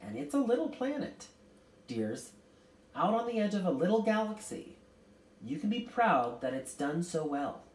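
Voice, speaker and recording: A woman voicing a kindly, motherly old celestial being who comforts children, speaking gently. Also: fairly low pitch, very animated, normal speed, pitched above the performer's own voice. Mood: encouraging. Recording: roomy, distant mic.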